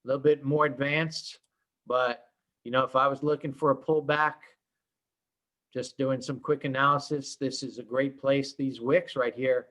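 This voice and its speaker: A man with an everyday mid-pitched voice leads a live trading lesson. He talks loosely and warmly, with lots of fillers and self-corrections. He sounds like he's at his desk mic while sharing his screen. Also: steady tone, moderate pace. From schooled in Oklahoma. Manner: casual, rambling with many fillers. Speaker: trading instructor. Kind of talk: live trading room teaching.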